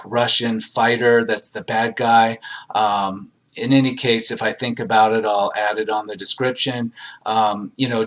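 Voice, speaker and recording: A man's voice: fairly low pitch, a bit bright. A man hosting a casual movie review, reading audience reviews aloud and adding rambling comments with frequent fillers. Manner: rambling, many fillers and hesitations.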